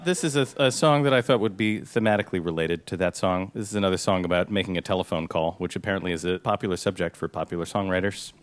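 A man's voice: low voice, quick pace, hardly any pauses. A man who is the house musician and co-host of a quiz show, bantering with a wry, self-mocking humor. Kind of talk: quick, joking quiz banter between songs. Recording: live show with loud guitar.

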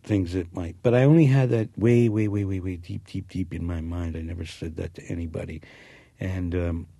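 An actor guest with a slight New Jersey accent reminisces through a casual interview, rambling and restarting his sentences. His low voice holds a steady tone at a moderate pace, with vocal fry and a mellow quality, recorded cleanly in a studio with no room sound.

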